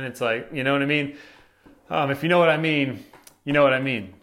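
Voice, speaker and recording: A man's voice: medium pitch, brisk, long pauses, a bit bright. A young man preaching a casual, conversational sermon as a pastor, often tossing in "right?" and "like" while telling stories to his congregation.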